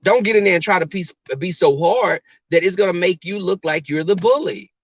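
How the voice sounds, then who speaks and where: Blunt high-pitched man, dry dull mic. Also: a little fast, husky, no echo. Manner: blunt, profane, mimics others in high voice. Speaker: livestream commentator. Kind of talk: casual livestream commentary.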